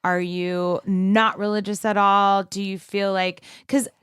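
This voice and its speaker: A woman co-hosting a podcast, chatty and animated, asking questions in casual conversation. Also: medium pitch, unhurried, clear, resonant tone, no echo, clean studio sound. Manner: chatty, animated, laughs often. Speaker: podcast co-host.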